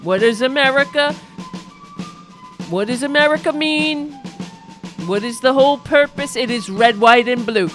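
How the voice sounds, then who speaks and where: Woman putting on a bombastic New York patriot guy, satire rant, highish voice, slow emphatic delivery. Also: music in the background. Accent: New York put-on. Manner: bombastic, declaiming slogans. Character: blustering flag-waving male patriot caricature.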